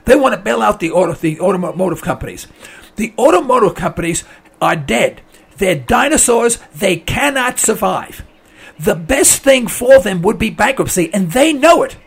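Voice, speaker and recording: A man hosting a call-in radio show, giving emphatic, opinionated commentary and addressing listeners as folks, his voice giving out as he clears his throat. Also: high-pitched, very animated, moderate pace.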